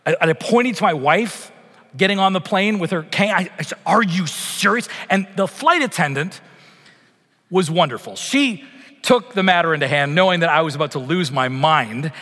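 A male pastor delivers a storytelling sermon, his voice sitting a little high for a man. He slips into lively, acted-out quotes as he tells the story. The sound carries a long reverb tail from a large hall. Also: moderate pace. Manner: storytelling, animated when acting out quotes.

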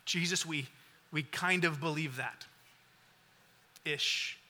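In a sermon and prayer, a fortyish pastor with a fairly high pitch relates a personal story. Earnest and halting, he repeats words and drops to a near hush during tender moments.

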